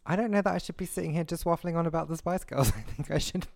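A man's voice: fairly high pitch, quick pace, gravelly, no room sound. Man, podcast co-host, casual chat, laughs often, dry close sound. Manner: chatty, laughs often, trails off.

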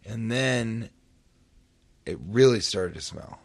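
A man's voice: on the low side, takes it slowly. A man, a stand-up comedian, telling a long anecdote in casual conversation, acting out the voices and sounds as he goes. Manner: animated storyteller who acts out voices and sounds. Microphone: studio microphone.

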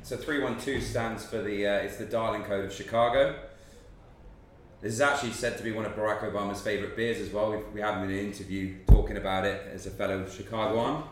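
Speaking fast in a low, steady voice, a man appears as a brand guest on a casual podcast to talk about beer. He goes into detail with plenty of fillers, and the roomy pub setting carries faint background noise.

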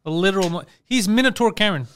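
A man with a notably high voice banters with his friends, cutting in with quick mocking one-liners. His tone stays loose and joking. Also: animated, fairly bright tone, clean tone. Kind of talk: casual banter.

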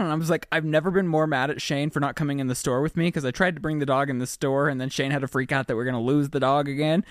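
A man co-hosting a podcast in casual chat, talking quickly with lots of "like" fillers. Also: on the high side, fairly even intonation, no room sound, clean studio sound. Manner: quick, chatty, full of "like" fillers. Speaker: podcast co-host.

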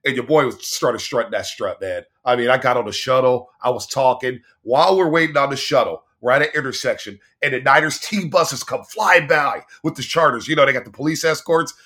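Brief: excitable male sports radio voice, lively and fast-moving, everyday mid-range pitch. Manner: animated, hyped, chants and yells in quotes. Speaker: radio sports host, guest. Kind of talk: excited storytelling chat.

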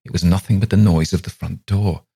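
A man's voice: low voice, steady tone, a little fast, gravelly, mellow, breathy edge, heavily acted. A man reading the lines of a stern nephew in a haunted house, in a severe tone.

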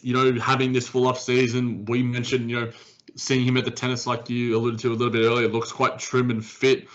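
On a laid-back basketball podcast, this co-host wanders through his sports talk, often restarting and leaning on fillers. His voice is mid-range, and the recording sounds muffled.

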